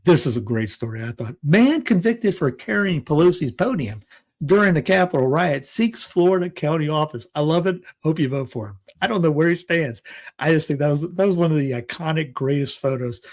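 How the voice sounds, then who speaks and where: Brisk and animated, a man with a fairly high voice hosts an informal political news rundown. He reads headlines aloud but keeps breaking off for sarcastic quips and small chuckles, restarting often and using plenty of filler words.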